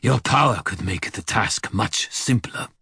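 A man's voice: fairly low pitch, expressive, creaky, pushed and bright, slightly rough, no room sound, clean studio sound, heavily acted. Man voicing a snarling villainous dog-spirit. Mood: contemptuous. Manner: slow, snarling, archaic menace. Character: menacing male dog-spirit brother, contemptuous villain.

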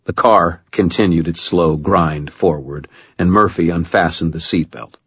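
A man's voice: low-pitched, measured pace, fairly bright tone, slightly rough, no echo, muffled recording. A man reading first-person fiction aloud as an audiobook narrator, with a dry, wry storytelling manner.

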